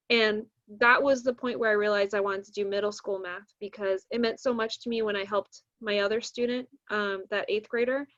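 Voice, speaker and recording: A young woman, a math teacher, telling a story in casual podcast talk and acting out the voices of the people she quotes. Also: medium pitch. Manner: animated, acts out quoted voices. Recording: dull lo-fi recording.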